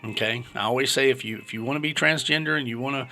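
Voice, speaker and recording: A man's voice: medium pitch, fast talker, pushed and bright. A man in his fifties giving a blunt, opinionated casual monologue as a vlogger. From United States. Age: 50s.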